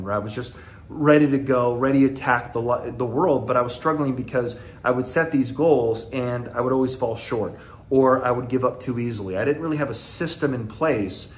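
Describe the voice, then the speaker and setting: A man in his forties, from the American South, speaks straight to camera in a casual motivational talk. His voice sits at an ordinary middle pitch, and his delivery is earnest, conversational and loosely rambling. A faint low rumble hangs in the background. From Southern United States. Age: 40s.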